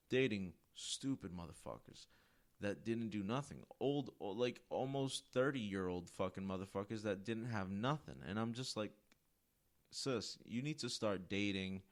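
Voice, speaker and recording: A man hosting his own podcast, talking in a loose, rambling monologue and swearing constantly for emphasis. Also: low-pitched. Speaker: podcast host. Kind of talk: casual monologue.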